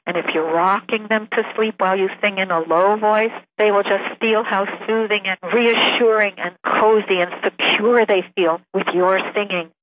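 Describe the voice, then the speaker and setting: A woman interviewed as an expert on babies and music, explaining in a gentle, animated way. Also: medium pitch, highs cut off, a little hiss or hum. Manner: gentle, animated, explanatory, sings short demonstrations. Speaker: child development expert guest. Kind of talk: interview answers.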